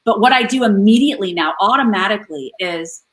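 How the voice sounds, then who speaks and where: A woman in her thirties co-hosting a casual talk, telling her story openly with lively acted-out quotes. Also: mid-range voice, quick pace, poor audio. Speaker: podcast co-host. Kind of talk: casual chat.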